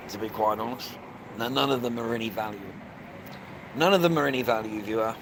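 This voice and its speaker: An Australian man live-streams outdoors amid noisy traffic, talking a little fast in a mid-range voice. He rambles casually, swears freely and calls everyone "mate".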